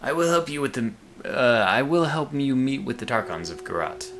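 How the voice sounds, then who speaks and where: A streamer doing a put-on accent for a war-weary male grand duke in a video game, speaking slowly and gravely. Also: mid-range voice, big pitch swings, fairly bright tone, a little hiss or hum, voice pushed up. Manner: put-on unplaced accent, slow and measured.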